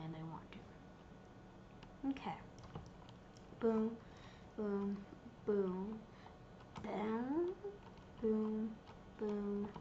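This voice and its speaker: A woman's voice: on the high side, mellow, muffled recording, a little hiss or hum. A woman giving casual, playful commentary while she plays a video game, giggling and reading menu options aloud. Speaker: gameplay streamer.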